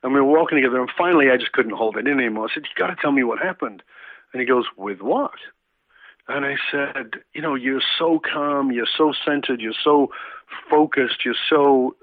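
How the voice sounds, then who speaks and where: A man's voice: medium pitch, fairly quick, no echo. A man from England telling a reflective story in conversation, with many fillers and restarts. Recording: tinny phone-like line.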